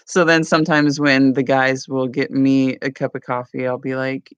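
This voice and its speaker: A woman's voice: extremely low pitch, normal speed, few pauses, fairly bright tone, clean tone, no echo. A woman rambling casually at home for her morning vlog, with lots of "like" and "you know.". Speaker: vlogger. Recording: dull lo-fi sound.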